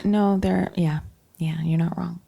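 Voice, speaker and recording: A woman's voice: lowish voice, fairly even intonation, measured pace, gravelly, dark tone. A woman co-hosting a podcast, chatting playfully and chiming in on gossip. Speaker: podcast co-host. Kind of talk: casual gossip chat.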